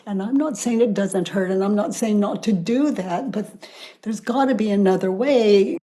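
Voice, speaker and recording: An older woman facilitating a self-inquiry session, calm and deliberate, often dropping to a whisper. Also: medium pitch. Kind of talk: slow guided inquiry dialogue.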